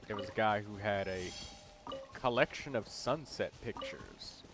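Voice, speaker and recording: Laid-back low-voiced male streamer. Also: unhurried, background noise. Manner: relaxed, rambling, with fillers. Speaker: livestream host. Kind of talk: casual livestream chat. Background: game music.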